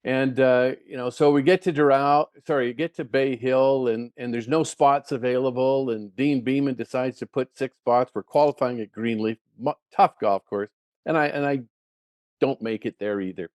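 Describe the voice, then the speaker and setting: An older man, a guest and former touring golfer, telling stories in a casual, animated way with many restarts and repeated words. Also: mid-range voice, moderate pace, no echo. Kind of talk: casual storytelling.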